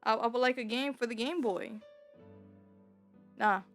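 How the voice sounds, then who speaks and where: A young woman telling a personal story in a casual, rambling way. She swears freely, repeats herself, and gets louder when she is upset. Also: a little high, unhurried, faint music behind. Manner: bitter and emotional, voice rising when upset. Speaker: streamer.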